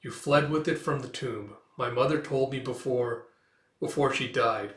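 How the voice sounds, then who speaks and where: A man reading a blunt, tired young woman in a flat, sardonic way, in a roomy room. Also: mid-range voice, moderate pace, lightly acted. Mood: weary. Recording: roomy echo.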